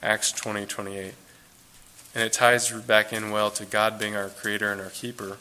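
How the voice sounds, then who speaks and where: Man, Bible teacher, low flat voice, bright tone, earnest and conversational. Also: moderate pace, a little hiss or hum. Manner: earnest, conversational, repeats phrases for emphasis.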